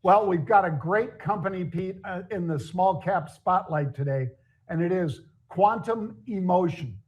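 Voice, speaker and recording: A middle-aged man with a high voice co-hosts a casual market talk show. He is chatty and jokey, and now and then he laughs at his own stories. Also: unhurried, a little mellow, muffled recording. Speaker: show co-host.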